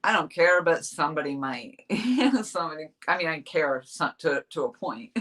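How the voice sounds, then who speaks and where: A woman's voice: deep voice, moderate pace, a bit bright. A woman from New Hampshire chatting casually on a live stream as a fishing vlogger, rambling and laughing often as she reads the chat.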